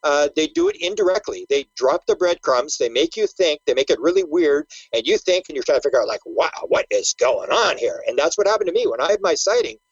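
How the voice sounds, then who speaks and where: Animated older man, dry lo-fi sound. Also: on the high side, fast talker, hardly any pauses, husky, dry recording. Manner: animated storyteller who acts out quotes and repeats words. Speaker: guest researcher. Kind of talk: casual interview talk.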